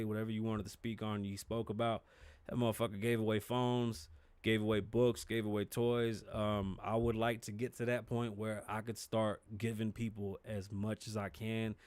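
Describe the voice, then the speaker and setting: Mid-range in pitch and recorded with no room sound, a thirtysomething man from the Bronx rants on his solo podcast in a New York accent. The opinionated tirade is blunt, profane and emphatic, and he alternates between shouting and muttering.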